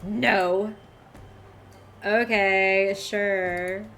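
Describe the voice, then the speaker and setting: A woman's voice: mid-range voice, steady tone, fairly bright tone, slight background noise. A young woman casually chatting and giggling as she streams a game from her phone. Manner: giggly, unhurried, chatty asides.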